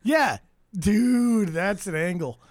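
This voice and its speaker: A man's voice: high voice, lively intonation, slow, no room sound, studio quality. A man co-hosting a podcast, trading crude jokes and laughing often. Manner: joking, laughs often, mock impressions. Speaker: podcast co-host. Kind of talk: crude comedic banter.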